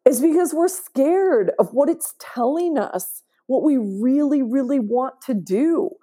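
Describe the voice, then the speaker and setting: Mellow-voiced woman talking earnestly. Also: sits high, animated, a little slow, slightly rough. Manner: earnest, emphatic, often asks "right?". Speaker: podcast guest. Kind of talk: conversational interview.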